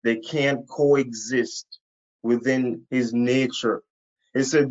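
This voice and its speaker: A man teaching from the Bible to a camera in a room, slow and emphatic, repeating key phrases for weight. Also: mid-range voice, fairly even intonation, lo-fi sound. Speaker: preacher. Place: indoor room.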